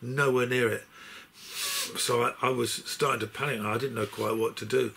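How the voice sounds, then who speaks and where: A man's voice: mid-range voice, fairly even intonation, moderate pace, vocal fry, sharp tone, slight background noise. An older man chatting through his box set, telling long stories with many restarts and self-corrections. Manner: rambling storyteller, stops and restarts sentences. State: unwell. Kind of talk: anecdotal unboxing chat.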